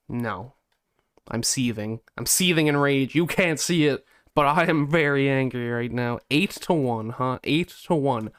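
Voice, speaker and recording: A young man narrates his video game run as a commentator, his smooth, clear voice sitting at a mid pitch. He sounds exasperated, lurching between hope and letdown. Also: a bit bright. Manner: exasperated, swings from hopeful to deflated. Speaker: gaming YouTuber. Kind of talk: gameplay commentary.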